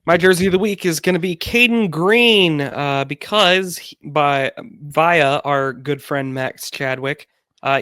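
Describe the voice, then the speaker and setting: A young man co-hosting a casual sports podcast, talking haltingly with many fillers. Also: fairly high pitch, sharp tone, smooth, no echo, studio quality. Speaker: podcast co-host.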